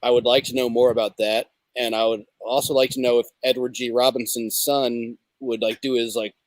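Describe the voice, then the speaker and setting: A man's voice: medium pitch, level tone, a little fast, dry recording. A man hosting a casual comedic livestream, rambling and hesitant, with lots of fillers. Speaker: show host.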